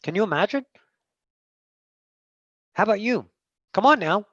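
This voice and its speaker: A woman's voice: mid-range voice, lively intonation, a little slow, dry recording, dull audio. A woman channeling a spiritual teaching in a blunt, emphatic way, full of swearing, who addresses her listeners as masters. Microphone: video call.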